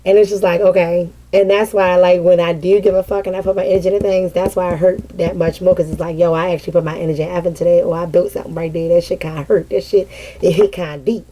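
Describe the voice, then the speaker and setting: A woman's voice: on the low side, steady tone, fast, mellow. A woman giving a casual vent session to her viewers as a tarot reader, dramatic and profane, often breaking into laughter.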